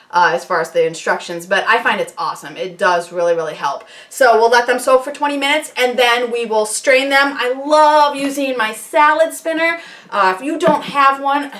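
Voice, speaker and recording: A homesteading channel host records a casual how-to video in her kitchen, chatting upbeat and poking fun at herself as she works. Her voice is fairly high and fairly bright, at a moderate pace, picked up from a distance, and she sounds slightly out of breath at times.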